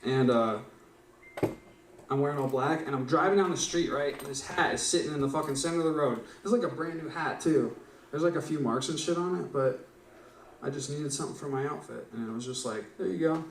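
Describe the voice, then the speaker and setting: A man's voice: a little high, a little fast, slight background noise. A young man at an open mic, rambling through a profane story and often tagging lines with "right?". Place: small live venue stage. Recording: echoey room, distant mic.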